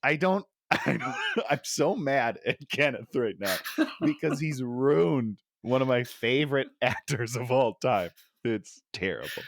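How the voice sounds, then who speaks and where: A man's voice: mid-range voice, a little slow, vocal fry, no room sound. A man co-hosting a casual comedy podcast, his voice leaping up and down as he jokes around. The sound is close and dry, with no room behind it. He laughs often while he riffs. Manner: jokey, animated, laughs often. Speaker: podcast co-host. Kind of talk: casual comedic movie chat.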